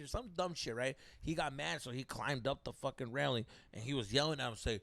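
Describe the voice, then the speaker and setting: A young man hosting a podcast, telling stories in a profane, animated way, acting out voices and mixing in Spanish slang. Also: medium pitch, a little fast, dry recording. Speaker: podcast co-host. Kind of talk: casual storytelling chat.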